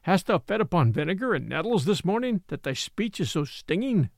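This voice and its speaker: Cheeky merry outlaw voiced by a man, lively high voice, dry mic. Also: brisk, vocal fry, dry recording, exaggerated voice. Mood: teasing. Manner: cheeky, mocking, playful. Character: merry, bold young male outlaw, teasing. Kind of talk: audiobook character reading.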